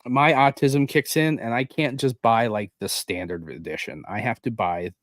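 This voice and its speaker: A man co-hosting a casual chat, a relaxed listener with wry asides about gaming as a dad. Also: mid-range voice, moderate pace, dry recording, clean studio sound. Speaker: podcast co-host.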